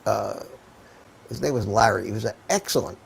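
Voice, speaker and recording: A man's voice: lowish voice, moderate pace, vocal fry, slightly rough. An older man hosting a live online chat, telling rambling stories with many restarts over a video call. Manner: rambling storyteller, restarts often. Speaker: host. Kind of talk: casual chat on a live stream.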